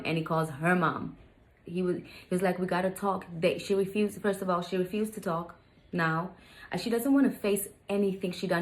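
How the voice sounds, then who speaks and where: A woman's voice: fairly low pitch, poor audio. A young adult woman, a stepmother, telling a story in a casual vlog, emphatic and heated, with many fillers. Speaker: vlogger, stepmother.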